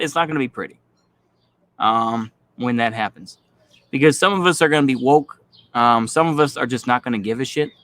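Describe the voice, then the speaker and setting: A man's voice: medium pitch, fairly bright tone. Blunt, profane man ranting casually. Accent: Texan. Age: 30s. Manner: blunt, profane, dismissive rambling with many fillers. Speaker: political commentary vlogger.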